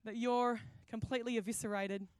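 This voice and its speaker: A woman pastor, preaching a sermon with animated storytelling and acted-out dialogue. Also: a little high, fairly quick, no echo. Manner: animated storytelling, acting out quoted voices. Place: church hall.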